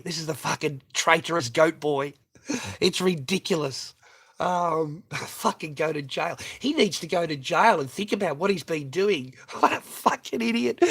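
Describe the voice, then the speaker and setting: A man rants on a livestream, his voice sitting a little high. He swears constantly and mocks his targets with heated scorn. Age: adult with a child. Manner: profane, heated and mocking. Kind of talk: ranting livestream monologue.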